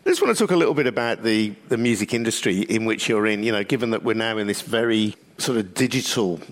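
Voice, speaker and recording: A man interviewing musicians, asking measured, drawn-out questions. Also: lowish voice, expressive.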